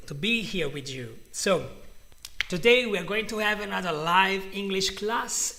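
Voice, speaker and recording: A man's voice: sits high, gravelly, bright, forceful tone. A young man teaching a live-streamed English lesson, greeting viewers in a chatty way and often restarting his sentences.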